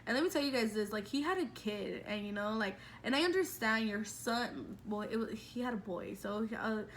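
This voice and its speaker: A woman in her twenties, a vlogger telling a personal story in a chatty, animated way with lots of fillers. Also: a little high, moderate pace, slight background noise. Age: 20s. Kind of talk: casual storytelling.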